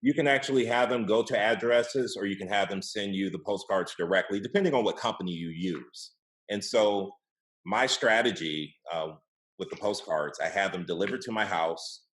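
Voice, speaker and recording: Deep-voiced man hosting a group call. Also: normal speed. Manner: relaxed, encouraging, with filler words. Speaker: host of a weekly real estate group call. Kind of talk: casual coaching on a group video call. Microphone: video call.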